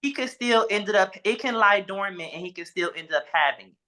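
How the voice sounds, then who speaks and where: A man's voice: high voice, bright, forceful tone. Emotional man telling a hard story. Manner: halting, emotional, repeats himself and breaks down at times. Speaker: guest sharing his testimony. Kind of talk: emotional personal testimony.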